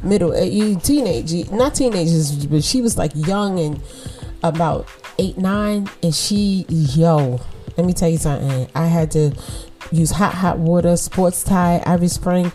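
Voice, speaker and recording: A woman hosting a casual motivational podcast in a low, mellow voice. She speaks with emphasis, repeats words for stress and laughs often. Faint music plays behind her. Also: unhurried. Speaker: podcast host and mother.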